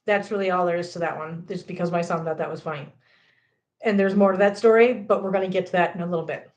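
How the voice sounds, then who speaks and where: A middle-aged woman hosting a casual live stream, chatty and animated, greeting viewers by name as she chats. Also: fairly low pitch, fast. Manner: chatty and animated, reads viewer comments aloud. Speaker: livestream host. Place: home, indoors. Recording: echoey room.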